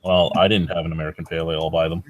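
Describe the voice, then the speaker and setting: A man's voice: low voice, little pitch movement, very fast, no echo, dull audio. A young man hosting a podcast, rambling and swearing freely in casual chat. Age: young adult. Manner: profane, rambling hockey banter. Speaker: podcast host.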